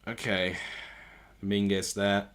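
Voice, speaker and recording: A man's voice: on the low side, flat delivery, slow, fairly bright tone, clear, resonant tone. A man streaming a live football watchalong from home, reacting to the match and often correcting himself aloud as he goes. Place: home room with TV.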